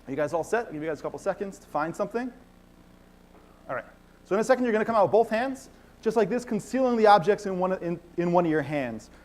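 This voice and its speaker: A man's voice: high-pitched, quick pace. A man performing as a mentalist on stage, giving an audience playful, commanding instructions in a large conference hall. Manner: energetic, commanding, playful crowd work. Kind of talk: live stage show with audience participation.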